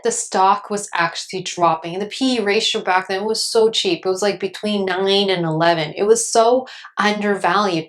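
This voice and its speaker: Woman, 30s, finance YouTuber; casual, animated, chatty explainer. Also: mid-range voice. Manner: animated, acts out panicked investors in quick asides; frequent "okay?" check-ins.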